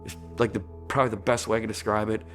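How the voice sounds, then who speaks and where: A man's voice: lowish voice, level tone, very fast, faint music behind. A middle-aged man giving a personal testimony in an earnest way, often searching for words. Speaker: near-death experience witness.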